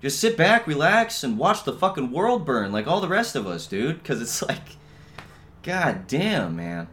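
A young podcaster rants solo in a casual, profane monologue that wanders all over, leaning hard on fillers like "dude" and "bro." His delivery is sing-song and a little slow, dipping into low mutters before erupting into loud bursts.

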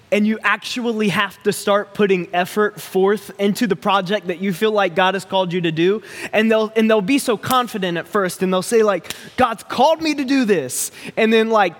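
A man preaching a sermon in a lively, conversational way, repeating phrases for effect. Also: sits high, big-room sound. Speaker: pastor.

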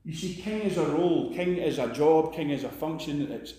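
Male preacher, emphatic, high-pitched, echoey church, rousing sermon delivery. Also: moderate pace, mellow.

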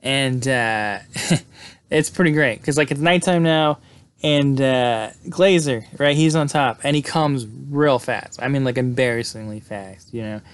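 A man's voice: mid-range voice, a little slow, clean tone, dry recording. A man giving a loose, profane, filler-heavy recap of a horror film, like a podcast host. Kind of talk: casual movie recap.

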